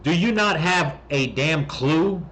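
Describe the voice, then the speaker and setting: A man in a rambling political commentary, talking bluntly and heatedly with plenty of swearing. His voice sits a bit high for a man, and he keeps restarting sentences and tacking on "okay?". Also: lively intonation, slow, a bit bright, low-quality recording. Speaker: political commentary channel host.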